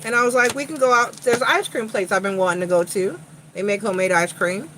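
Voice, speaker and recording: Bright-voiced, blunt Long Island woman. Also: mid-range voice, fast, slight background noise, rough recording. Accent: Long Island New York with a slight Southern tinge. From Long Island, New York. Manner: blunt, chatty, profane storytelling. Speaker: tarot reader. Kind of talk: casual livestream tarot chat.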